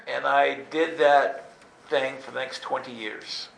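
A man telling a funny personal story in an animated way, jumping into high squeaky voices to act out his younger self. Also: fairly quick, gravelly. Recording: roomy echo, faint ambience.

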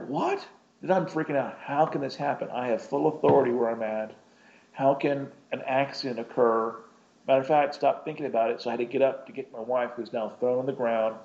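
Man, casual storyteller, rambling and self-interrupting with chuckles, middle pitch, dull lo-fi recording. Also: darkish tone.

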